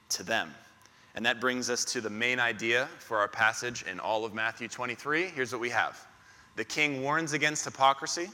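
A man's voice: medium pitch, bright, forceful tone, big-room sound. A man preaching a sermon as pastor, emphatic and repeating key phrases in lists.

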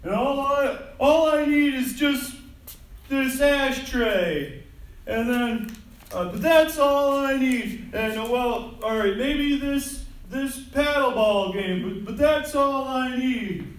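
Guy doing a dopey slow simpleton, way high and loud, drawn out, echoey hall from far off. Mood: dopey insistent. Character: dim-witted man clinging to random possessions.

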